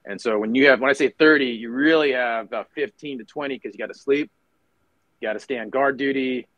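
Man, forties, lively storyteller, mid-pitched voice, dry close sound. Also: brisk, no room sound, highs cut off. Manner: animated storyteller who acts out voices in anecdotes. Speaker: guest, former Marine officer. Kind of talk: casual interview storytelling.

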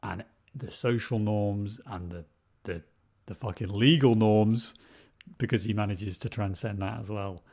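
A man's voice: on the low side, measured pace, a little mellow. A man co-hosting a podcast, talking casually about a film, repeating words and swearing freely. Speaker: podcast co-host.

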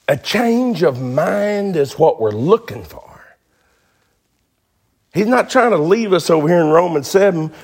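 A male pastor gives a folksy, emphatic sermon in a slightly high voice that swoops animatedly. He repeats key phrases to drive them home, and his voice is creaky, a little mellow, and slightly rough.

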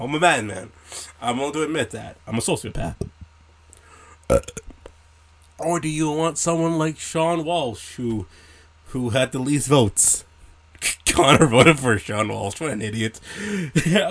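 A young man casually telling a story and acting out quoted voices, animated and swearing. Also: medium pitch. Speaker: host answering questions.

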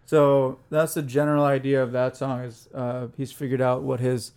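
A man co-hosting a casual music podcast, calmly explaining the songs and laughing along with his co-host. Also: medium pitch, normal speed, smooth. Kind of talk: casual music review chat.

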